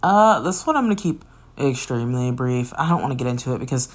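A woman's voice: extremely low pitch, lively intonation, quick pace. A woman in her twenties hosting a podcast, telling a candid, rambling personal story into a phone with sighs, laughs and curses. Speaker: podcast host.

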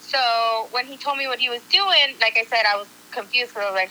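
A woman's voice: on the high side, brisk, a little hiss or hum, low-quality recording. A woman telling a story to a group of friends in a casual way, acting out what people said and swearing casually. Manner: animated, acts out quotes, swears casually.

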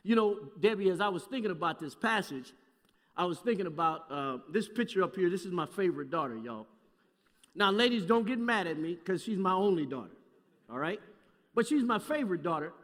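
High-voiced man preaching in a hall. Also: fairly quick. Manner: folksy, animated, addresses audience by name. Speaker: guest preacher. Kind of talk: sermon storytelling. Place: large hall with live audience. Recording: distant echoey hall recording.

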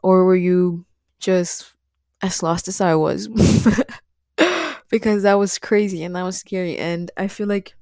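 A woman whose first language is Spanish, chatting casually to her viewers in an animated way, with frequent laughs and fillers. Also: lowish voice, unhurried, pauses often, no room sound, studio quality. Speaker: vlogger. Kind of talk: casual chat to camera.

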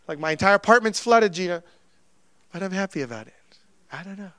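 Casting note: male pastor with a high voice, preaching casually with sudden loud and soft swings, dry close sound. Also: lively intonation, brisk, long pauses, no echo. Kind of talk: sermon.

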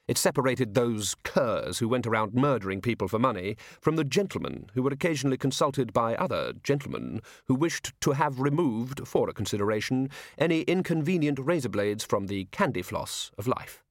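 A man reading a novel aloud as narrator, with expressive storytelling. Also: mid-range voice, brisk, no echo, clean studio sound. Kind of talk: audiobook reading.

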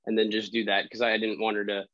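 A man, a trainer, talking casually and hesitantly about a client, with many pauses and fillers. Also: fairly low pitch, monotone, fairly bright tone, dry recording, dull audio. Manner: hesitant, full of fillers and restarts. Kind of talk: casual conversation.

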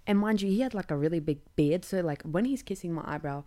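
Australian woman, young, low pitched, mellow tone, blunt and sweary, chatty storytelling. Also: lively intonation, quick pace. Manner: blunt, sweary, laughing asides. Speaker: podcast host. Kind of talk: casual comedic storytelling.

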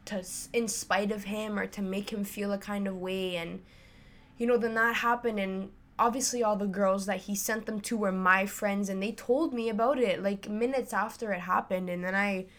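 Young woman, podcast host, casual chat, candid, filler-heavy, mid pitch. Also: steady tone, moderate pace, fairly bright tone.

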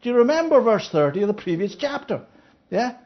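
Animated Bible teacher, dull lo-fi recording. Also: medium pitch, a little fast. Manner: checks in with listeners, asking "Yeah?"; acts out the parable's speakers in lively voices. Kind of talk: interactive Bible study teaching.

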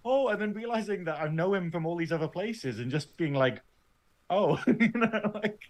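Laughing English man, lively chat. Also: high-pitched, a little fast. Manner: animated, self-deprecating, laughs a lot. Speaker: podcast co-host. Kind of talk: casual chat.

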